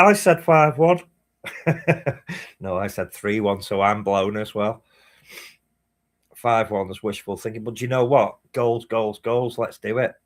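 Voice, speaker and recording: A man hosting a live match watchalong, chatting casually, swearing and reading chat messages aloud. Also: on the low side. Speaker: fan channel host.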